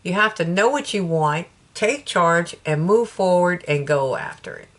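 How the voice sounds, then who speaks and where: A woman with a Southern US accent gives a casual tarot reading, chatty and laughing often as she breaks off her own sentences. Her voice is on the low side and fairly bright, with an unhurried, sing-song delivery.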